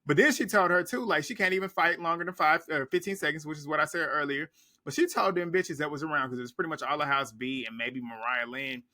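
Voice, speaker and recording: A man's voice: fairly high pitch, fast talker. Blunt, profane man recapping reality TV. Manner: animated, blunt and profane, laughs often. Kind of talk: casual reaction recap.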